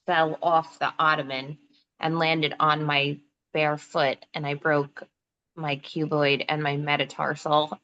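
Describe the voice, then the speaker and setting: A woman in her thirties, a podcast co-host, telling stories in casual chat and laughing often as she talks. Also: deep voice. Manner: animated storyteller, laughs often while talking. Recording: slightly dull lo-fi sound.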